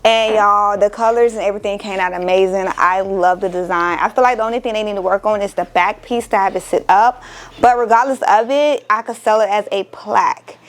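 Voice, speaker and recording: A woman's voice: mid-range voice, steady tone, a little fast, low-quality recording. Emotional young woman vlogger chatting. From Miami. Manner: emotional, exclaiming, addresses viewers as y'all. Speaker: crafting vlogger. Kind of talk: casual chat to viewers.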